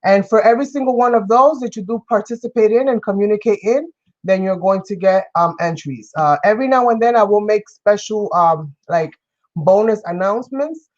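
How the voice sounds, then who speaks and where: A woman from New York hosts a craft livestream, chatting casually as she works and effusively greeting and thanking viewers by name. Her mid-range voice moves a little fast, and the audio sounds dull.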